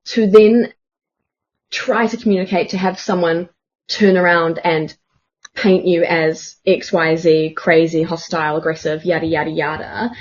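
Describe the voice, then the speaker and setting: A woman's voice: fairly low pitch, steady tone, unhurried, lo-fi sound. A woman guest on a podcast who speaks in a sympathetic, thoughtful way. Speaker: podcast guest and sex worker activist. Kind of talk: casual podcast chat.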